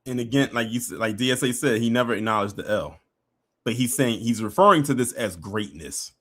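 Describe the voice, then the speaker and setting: A man's voice: medium pitch, brisk, fairly bright tone. A man hosting a livestream, reacting with sarcastic, teasing commentary. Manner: teasing, sarcastic, laughing asides. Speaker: livestream host.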